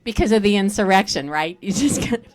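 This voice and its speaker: A middle-aged woman doing a stand-up comedy set on a stage, telling animated stories and breaking into laughter. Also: mid-range voice, fairly quick. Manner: animated storytelling with bursts of laughter. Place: comedy stage at a live fundraiser.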